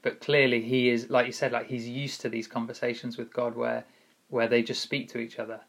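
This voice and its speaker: A man's voice: medium pitch, flat delivery, fairly quick, creaky, fairly bright tone. A man leading a youth group session, chatting casually and joking about himself. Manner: jokey, self-deprecating, chatty. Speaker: youth leader. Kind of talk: casual chat.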